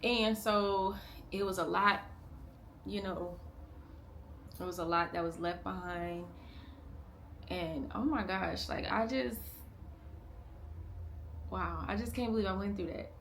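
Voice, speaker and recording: Halting, emotional young woman vlogger. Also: medium pitch, creaky, a little hiss or hum. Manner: halting, full of "like" fillers and restarts; emotional, at times hushed and strained. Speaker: family vlogger. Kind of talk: candid confessional vlog talk.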